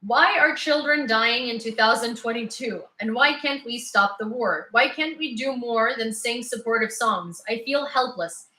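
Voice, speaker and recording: A woman's voice: a little high, a little slow, few pauses, sharp tone. Opinionated woman news host, echoey room. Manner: opinionated, sarcastic, laughs often. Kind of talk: casual live news commentary.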